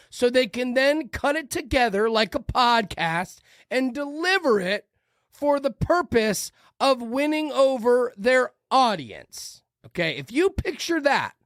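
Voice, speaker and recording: A woman's voice: a little high, no echo, clean studio sound. A woman hosting a podcast, reacting to a video in a heated, profane rant. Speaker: podcast host. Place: podcast room.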